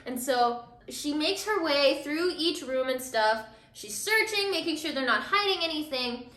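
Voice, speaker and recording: A young woman with a high, sparkling voice chats through a drama recap while doing her makeup at home. She is loose and filler-heavy, slipping into the characters' lines as she goes, and the room around her rings with echo. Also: lively intonation, moderate pace, a bit bright. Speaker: vlogger. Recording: echoey room.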